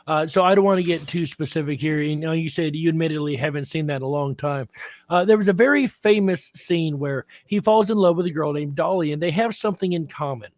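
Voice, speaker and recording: High-voiced man hosting a live quiz. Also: darkish tone, no room sound. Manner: polite, calls guest sir, hurried. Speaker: quiz host. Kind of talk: live-stream panel chat.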